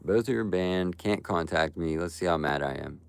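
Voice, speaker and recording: A young man with a very low, gravelly voice that still sounds smooth and resonant, talking live to his chat. He rants bluntly and profanely. His speech is loose and casual. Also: normal speed, dry recording. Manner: ranting, blunt and profane, frequent "bro" and "like". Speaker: livestreamer. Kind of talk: live stream talk to chat.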